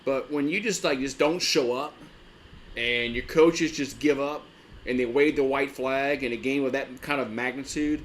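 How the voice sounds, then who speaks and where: A man's voice: mid-range voice, steady tone, normal speed, fairly bright tone, slight background noise. A man hosting a live sports fan stream, talking in a loose, rambling way with lots of restarts and frequent swearing.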